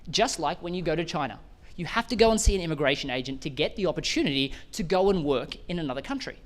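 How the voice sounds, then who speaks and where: Animated keynote speaker man. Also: a little high, quick pace. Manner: animated, addresses audience members directly with questions. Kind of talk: motivational business talk.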